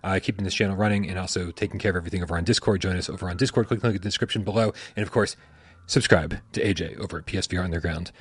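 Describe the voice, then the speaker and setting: A brash male host with a fairly low voice, swearing freely and rattling through thank-yous and plugs at a fast clip. The sound is dry and close, with no room around it. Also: steady tone, slightly rough, no echo. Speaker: channel host. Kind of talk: casual stream outro chat.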